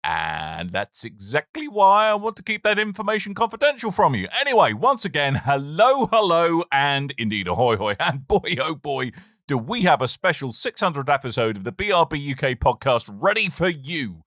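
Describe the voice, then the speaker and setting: A man's voice: fairly high pitch, very animated, normal speed, a bit bright, dry recording, clean studio sound. A man co-hosting a podcast, giving a playful, theatrical comedy intro. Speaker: podcast co-host. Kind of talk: comedic show intro in role-play.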